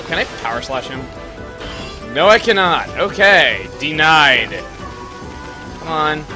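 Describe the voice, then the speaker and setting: A man giving casual, joking commentary over his gameplay, breaking into loud excited exclamations. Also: on the high side, slow pace, long pauses. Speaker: let's play commentator. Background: game music.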